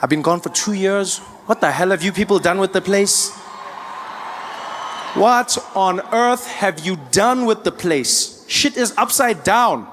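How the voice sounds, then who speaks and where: A South African man telling stand-up stories into a stage mic, his voice pitched fairly high for a man. He moves in and out of quick character voices, with a faint ambience of the room behind him. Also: a little hiss or hum. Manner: animated storytelling, shifts into character voices. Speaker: stand-up comedian. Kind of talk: stand-up comedy. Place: comedy stage before a live audience.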